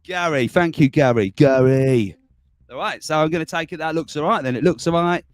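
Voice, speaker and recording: A middle-aged man hosts a casual livestream from home, rambling, chuckling often and greeting chat viewers by name. His voice is fairly high and moderately paced. The studio-quality audio has no echo, with faint music in the background.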